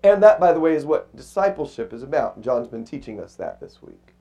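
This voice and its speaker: A male pastor preaching a sermon with a cracking voice, reading scripture slowly and emphatically and asking the congregation questions. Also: mid-range voice, sing-song, vocal fry, mellow.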